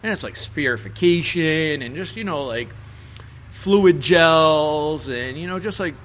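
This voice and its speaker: A man, a chef and podcast guest, telling a story in casual chat, animated and swearing, with lots of fillers. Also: fairly high pitch, measured pace.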